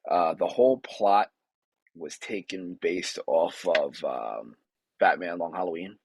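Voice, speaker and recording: A man's voice: sits low, takes it slowly, gravelly, noisy background. A young man co-hosting a podcast, chatting easily about a film and laughing often. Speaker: podcast co-host. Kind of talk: casual film review chat.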